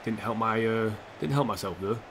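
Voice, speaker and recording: A man's voice: on the low side, normal speed, noisy background. Chatty man streaming a football game. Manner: chatty, self-mocking, reacts to the match and answers chat. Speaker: streamer playing a football career mode. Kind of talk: casual live-stream commentary.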